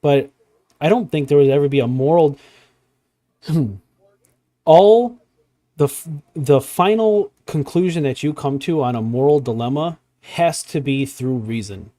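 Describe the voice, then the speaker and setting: A man with a mellow, warm tone hosts a loose, casual talk show. He rambles, trailing off and restarting as he reacts. The sound is dry and close. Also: a little high, measured pace, no room sound. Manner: rambling, many fillers and restarts. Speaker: podcast host.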